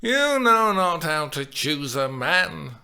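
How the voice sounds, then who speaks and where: A woman's voice: deep voice, sing-song, slow, vocal fry, pushed and bright, clear, resonant tone, pitched above the performer's own voice, exaggerated voice. A man voicing a tired, grumpy older woman with a Lancashire accent, playing a nurse. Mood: scolding. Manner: tired, grumbling, snappish.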